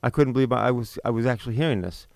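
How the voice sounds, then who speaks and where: A man's voice: mid-range voice, fast talker, vocal fry, darkish tone, no room sound. A man in his fifties hosting a talk show, delivering an unscripted, indignant monologue full of rhetorical questions and restarts. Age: 50s. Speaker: podcast host.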